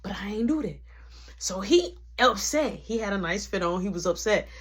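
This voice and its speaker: A woman telling a story about her workplace in a casual vlog, animated and full of slang. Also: medium pitch, moderate pace, breathy edge. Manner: animated, slangy, breaks into quoted voices.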